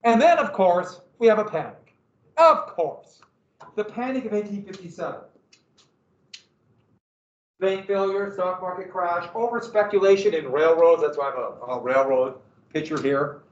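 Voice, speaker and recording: A man with a high voice lectures a class on history and keeps throwing questions at his students. He sounds set back from the mic in an echoey room, and the sound is a little muffled. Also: normal speed, long pauses. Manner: animated, asks the class questions. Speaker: history teacher. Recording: dull, roomy, from a distance.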